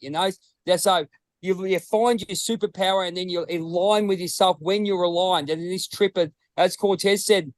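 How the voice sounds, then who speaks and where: A man's voice: high-pitched, fairly even intonation, a little fast, no room sound, rough recording. An Australian man chatting casually on a podcast, rambling and swearing freely. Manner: rambling, swearing, restarts often. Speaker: podcast co-host. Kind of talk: casual chat.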